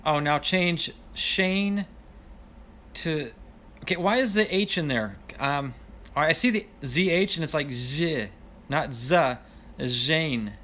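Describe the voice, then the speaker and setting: A livestream host with a fairly high, animated voice that sounds pushed and bright takes it slowly while reading viewer comments aloud. Casual, apologetic, and self-deprecating, he laughs often as he stumbles over names.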